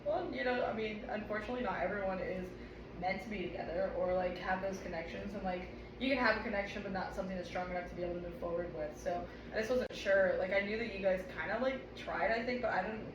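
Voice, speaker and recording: A woman's voice: mid-range voice, quick pace, muffled recording. Woman host chatting, rambles on her questions, echoey and far off. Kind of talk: casual chat. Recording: echoey room from a distance, noisy.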